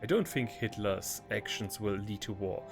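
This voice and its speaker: A man's voice: on the low side, expressive, normal speed, vocal fry, music in the background. A man playing a fervent proud woman. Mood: zealous. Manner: zealous, rising to fervor.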